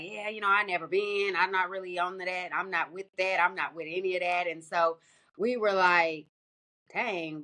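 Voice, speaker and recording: Young woman, bright voice, animated storytelling, laughs a lot. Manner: animated, laughs often, voice jumps high for quoted people. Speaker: podcast co-host. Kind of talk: casual storytelling chat.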